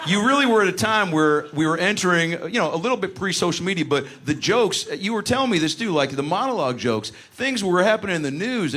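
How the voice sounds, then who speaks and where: A man's voice: a little high, a bit bright. A man from Tulsa hosting a live comedy talk show, asking rambling questions full of fillers and jokes. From Tulsa, United States. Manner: rambling, filler-heavy, joking. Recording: live stage with audience noise.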